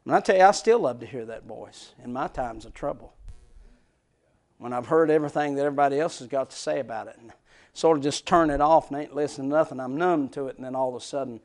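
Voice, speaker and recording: A man preaching a folksy sermon, moving from hushed near-whispers to loud shouts. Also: medium pitch, vocal fry. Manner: folksy, laughs between points. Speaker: pastor.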